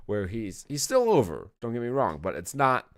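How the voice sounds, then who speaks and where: A man co-hosts a podcast and casually chats about wrestling reviews, speaking with emphasis and cursing occasionally. His medium-pitched voice swoops wildly up and down at a moderate pace, and the recording is dry.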